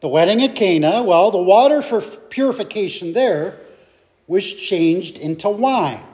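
Man, Bible study leader, unhurried, reflective, asks the group questions. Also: sits high, expressive, darkish tone. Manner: slow, reflective, thinking aloud with fillers and rhetorical questions.

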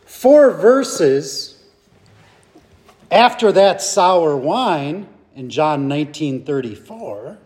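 A man's voice: fairly high pitch, very animated, very slow, a little mellow. A man leading a Bible study group, thinking aloud with rhetorical questions and fillers.

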